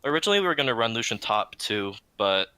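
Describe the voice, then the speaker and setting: A man's voice: mid-range voice, big pitch swings, quick pace, sharp tone, clear, resonant tone, no room sound. A man playing in an esports team, bantering casually and joking with his teammates. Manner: joking, laid-back, cocky. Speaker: esports player being interviewed.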